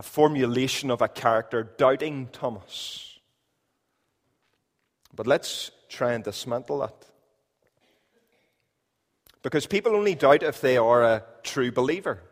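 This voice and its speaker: A man preaching a sermon in a church, emphatic, repeating key phrases and swinging between loud and quiet. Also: mid-range voice, big-room sound. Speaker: pastor.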